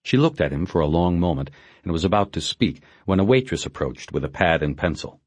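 A man reading a novel aloud in a steady, measured way. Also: sits low, breathy edge, no echo. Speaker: audiobook narrator. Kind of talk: scripted narration.

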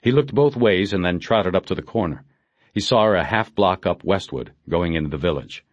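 A man narrates a crime novel with a deep, low voice in a steady, measured delivery. The recording is close and dry, with no room sound. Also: dry recording, highs cut off. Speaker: audiobook narrator. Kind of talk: scripted narration.

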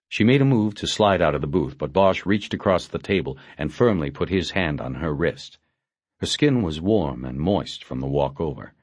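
A man narrates a crime novel with a deep, low voice in a steady, measured delivery. The recording is close and dry, with no room sound. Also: no echo. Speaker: audiobook narrator. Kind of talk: scripted narration.

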